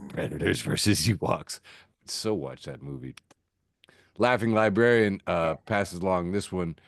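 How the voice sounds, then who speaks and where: A man's voice: sits low, expressive, slow pace, creaky, long pauses, no echo, clean studio sound. A man hosting a casual podcast, reading funny social media posts aloud and laughing often. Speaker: podcast host. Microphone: video call mic.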